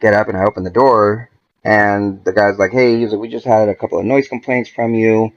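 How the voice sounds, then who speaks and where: A man's voice: fairly low pitch, fairly quick, highs cut off. A man, a podcast guest, telling a story in a casual, profane way and acting out the dialogue as he goes. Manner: profane, animated, acts out quoted dialogue.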